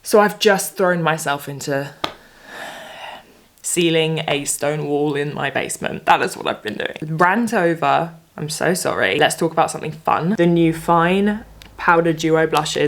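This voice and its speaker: A woman's voice: on the low side, normal speed, slight background noise. A young woman vlogging in a chatty, ranting way. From England. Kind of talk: casual vlog chat.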